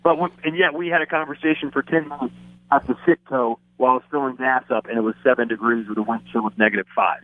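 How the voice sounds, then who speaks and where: A man's voice: mid-range voice, fast talker, no room sound, phone-quality sound. A man and former wrestling announcer, chatting casually as a podcast guest and acting out the quotes in his stories. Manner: animated storyteller, acts out quotes. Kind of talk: casual podcast chat, storytelling.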